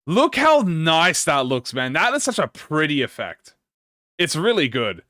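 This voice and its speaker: Host casting: excitable man reacting to a game trailer, lively voice, bright-ish pitch, dry close sound. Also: a little slow, no echo. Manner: excitable, slangy, swears, laughs often. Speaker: gaming channel host. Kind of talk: casual reaction commentary.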